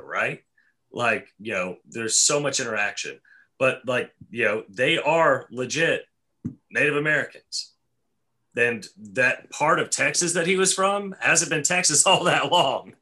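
A man's voice: mid-range voice, sharp tone. A man chatting casually on a podcast, telling a rambling story with lots of fillers. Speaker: podcast co-host. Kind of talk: casual chat.

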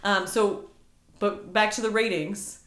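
A woman in her thirties co-hosting a podcast in casual chat, talking in a lively, emphatic way and acting out what people say. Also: medium pitch, slow, a little hiss or hum. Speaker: podcast co-host. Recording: echoey room.

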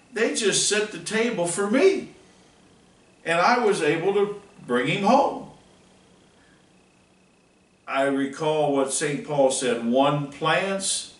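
A man's voice: on the high side, fairly bright tone. A middle-aged man teaching a catechism class, telling a folksy, earnest story. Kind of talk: catechism class talk with personal anecdote. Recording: roomy, mic far off.

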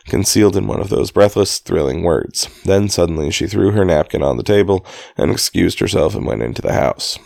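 A man's voice: low-pitched, creaky, a little mellow, no room sound. A man reading a novel aloud in a casual, amateur way, often stopping to restart and correct himself. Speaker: reader.

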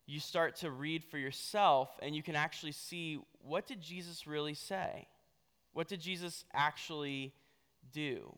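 A man's voice: mid-range voice, fairly bright tone, clear, resonant tone. A young adult man giving a casual sermon as a pastor, telling a story and often checking in with "right?". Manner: conversational, asks "right?" often. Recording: long hall reverb.

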